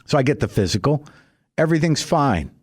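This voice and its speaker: A man's voice: very animated, brisk, slightly rough, dry recording, studio quality. Wry middle-aged man doing stand-up. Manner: wry storytelling, jumps high and loud for punchlines. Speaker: stand-up comedian. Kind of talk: stand-up monologue.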